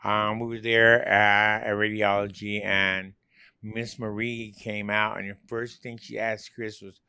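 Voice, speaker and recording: An older man, a guest chatting casually in a relaxed, halting way with many fillers. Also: on the low side, gravelly, clean tone, no echo, studio quality. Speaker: guest, host's uncle. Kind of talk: casual chat.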